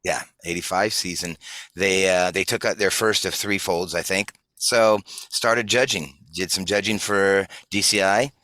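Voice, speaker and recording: A male interview guest with a fairly low yet bright, forceful voice. He recounts his past steadily and reflectively, recorded in a dry, close sound. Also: fairly even intonation, measured pace, dry recording. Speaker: interview guest, corps director. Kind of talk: casual interview chat.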